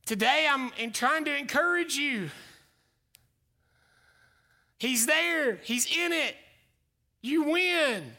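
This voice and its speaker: A male pastor delivering a dynamic sermon, swinging between loud exclamations and hushed whispers. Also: extremely high pitch, animated, takes it slowly, creaky.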